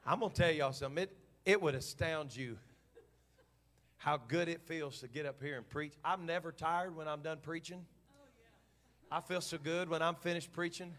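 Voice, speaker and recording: Man, preacher, sermon in church, high-pitched, fervent delivery. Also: normal speed. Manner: fervent, swings from quiet storytelling to shouted preaching.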